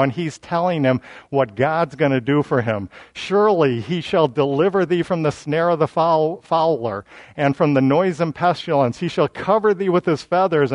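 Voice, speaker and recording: A man preaches a verse-by-verse sermon in a relaxed, conversational manner, often breaking off and restarting his sentences. His voice sits a little higher than most men's. The recording is dry and close, with almost no room sound. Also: dry recording. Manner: conversational, self-deprecating, frequent restarts. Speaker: Bible teacher.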